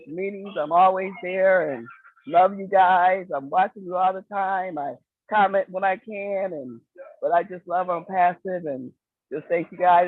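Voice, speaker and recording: A shy, soft-spoken woman introducing herself on an online call, affectionate toward the group. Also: on the low side, no room sound. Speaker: webinar attendee. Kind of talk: casual online chat. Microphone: video call. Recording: tinny phone-like call audio.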